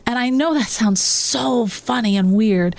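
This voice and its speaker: A woman's voice: on the high side, unhurried, gravelly, a little mellow. A woman hosting a talk radio show, giving earnest life-coaching advice with many fillers and restarts.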